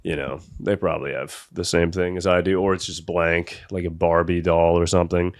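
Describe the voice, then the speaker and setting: A man's voice: low-pitched, level tone, moderate pace, no echo. A young man hosting a podcast, telling a comedic story in a rambling way and often laughing through it. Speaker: podcast host.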